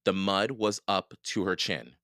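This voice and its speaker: A man reading a children's book aloud for a podcast, slow and expressive. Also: sits low, dry recording, clean studio sound. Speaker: podcast read-aloud host.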